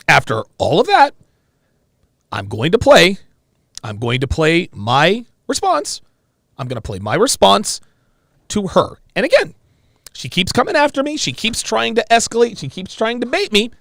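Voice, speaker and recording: A male host with a high, lively voice and a gravelly edge, talking in an emphatic, mocking way. He comes across dry and close to the mic, with little room sound. His commentary jumps between flat retelling and sharp, raised outbursts. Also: dry recording. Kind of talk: commentary on a played call-in clip.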